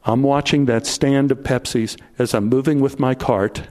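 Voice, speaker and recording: A middle-aged man telling a first-person story to an audience, dropping low and slow at the tense moments. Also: steady tone, a little mellow.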